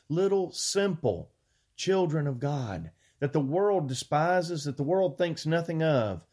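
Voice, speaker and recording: A man preaching a sermon, reading scripture slowly and earnestly and stressing key words. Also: on the high side, big pitch swings, a little mellow, slightly rough. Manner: earnest, drawn-out scripture reading with rising emphasis.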